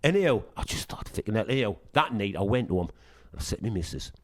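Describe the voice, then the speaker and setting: Fast and lively in intonation, his voice sits on the low side as this middle-aged Sunderland punk singer spins casual anecdotes in an interview, swearing and acting out dialogue in a Sunderland English accent. The recording is dry and studio quality.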